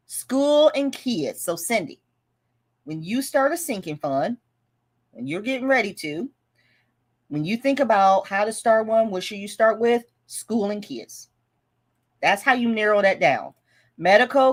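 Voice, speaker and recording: A woman hosting a casual budgeting livestream, chatting, laughing and reading viewer comments aloud. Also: medium pitch. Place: home livestream.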